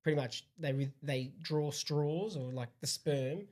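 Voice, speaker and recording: A young man chatting as a podcast guest, halting and pausing often with ums while he searches for words. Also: fairly high pitch, darkish tone. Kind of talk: casual chat.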